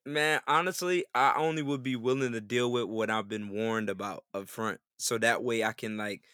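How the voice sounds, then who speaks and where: A man co-hosts a relaxed podcast chat with a bright, forward tone. He drops in jokes and easy reactions. The recording is dry and close. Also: medium pitch, moderate pace, clear, resonant tone, dry recording. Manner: laid-back, joking interjections. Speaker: podcast co-host. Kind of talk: casual chat.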